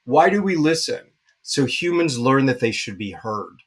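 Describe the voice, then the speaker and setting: A man's voice: mid-range voice, big pitch swings. Emphatic male pediatrician giving advice. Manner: emphatic advice with many filler pauses. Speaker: pediatrician guest. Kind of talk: interview, giving parenting advice.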